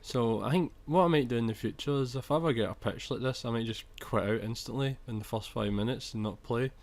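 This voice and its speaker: Speaking quickly in a medium-pitched voice, a young man provides chatty commentary on footage of his own football video game. He tends to restart sentences and swears when annoyed.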